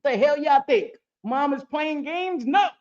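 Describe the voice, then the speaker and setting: High-voiced, profane middle-aged woman streaming. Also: expressive, a little slow, a little mellow, lo-fi sound. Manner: blunt and profane, laughing often. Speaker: livestream host. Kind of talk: casual live-stream chat.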